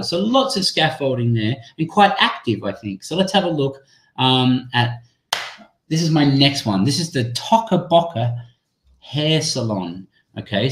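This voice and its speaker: A man presenting a live teacher-training webinar, chatty and apologetic, thinking aloud as he demos an app on a video call. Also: medium pitch. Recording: echoey room sound.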